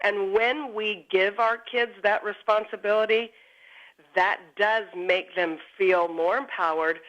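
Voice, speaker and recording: A woman's voice: medium pitch, fairly even intonation, a little slow, fairly bright tone. A woman parenting guest giving emphatic, upbeat advice as a remote guest on a morning TV show. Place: Dallas. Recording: lo-fi remote line.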